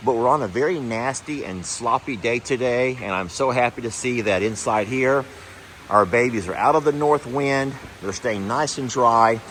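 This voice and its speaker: A man's voice: medium pitch, moderate pace, a bit bright, a little hiss or hum, poor audio. A man vlogging from his barn, chatty and affectionate as he talks to his horses. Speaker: horse rescue owner. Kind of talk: casual vlog. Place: barn stalls.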